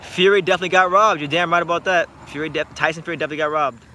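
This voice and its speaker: A man's voice: fairly high pitch, steady tone, very fast, pushed and bright, a little hiss or hum. A young man from South Florida, talking boxing in a blunt, profane, joking late-night vlog chat. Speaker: boxing YouTuber.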